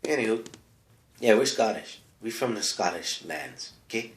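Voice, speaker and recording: Man, low voice, rambling comic monologue, broken grammar, fillers, echoey room. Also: animated, moderate pace. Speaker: comedic character host.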